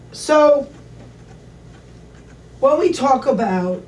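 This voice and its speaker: A woman telling a travel anecdote to an audience in a lively, chatty way. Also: on the high side, distant mic, slight background noise. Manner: animated, chatty anecdotal storytelling. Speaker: travel expert speaker. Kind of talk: casual storytelling to an audience. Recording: echoey room, voice from off mic, faint ambience.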